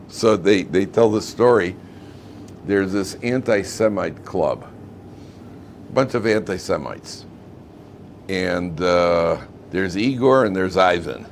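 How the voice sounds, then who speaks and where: Male rabbi, lively lecture, rhetorical questions, low voice, faint room hum. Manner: animated, rhetorical questions, tells fables. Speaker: rabbi teaching a class. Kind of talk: Torah lecture to students. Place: classroom with air conditioning.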